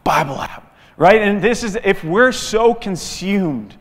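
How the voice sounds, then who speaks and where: A man preaching a sermon as guest pastor, telling a story with lively delivery and acting out the quoted dialogue. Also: high voice, slow, in a large hall.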